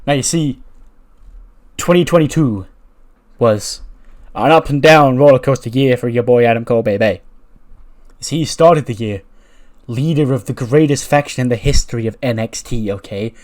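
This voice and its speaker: A man voicing a boastful male wrestler who talks up himself loudly. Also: medium pitch, normal speed, long pauses, lightly acted. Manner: loud, boastful, catchphrase-heavy. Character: cocky male wrestler telling a story, brash.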